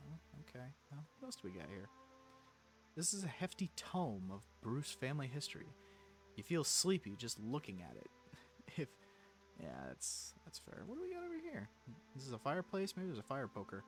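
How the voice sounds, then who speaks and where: A man's voice: medium pitch, wildly swooping pitch, normal speed, a little hiss or hum. A man casually playing a story game, reading its text aloud and adding joking asides. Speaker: let's play streamer. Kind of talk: casual gameplay commentary.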